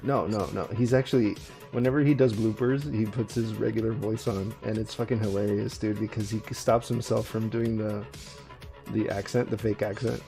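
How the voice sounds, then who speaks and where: A man's voice: lowish voice, fairly even intonation, normal speed, gravelly, mellow, faint music behind. A man co-hosting a radio show, chatting casually and rambling with lots of fillers, restarts and swearing. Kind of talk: casual chat.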